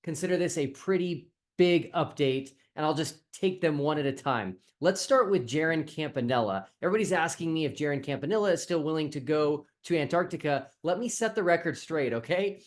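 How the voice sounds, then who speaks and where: Guy hosting a chatty update, kinda high voice, tells it like a story. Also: lively intonation, brisk, few pauses. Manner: storytelling with film comparisons. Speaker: host. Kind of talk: casual commentary.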